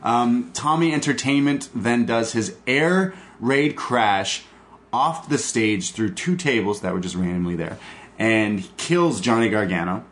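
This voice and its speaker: A man hosting a podcast, excitedly recapping a wrestling show in casual chat, swearing and laughing. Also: mid-range voice, a little slow. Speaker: podcast host.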